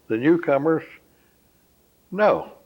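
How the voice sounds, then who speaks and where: An older man from Florida, recalling his family history at a slow, rambling pace in an oral history interview. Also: on the high side, expressive. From Florida, USA. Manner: slow, rambling, pauses often with "uh". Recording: dull lo-fi recording.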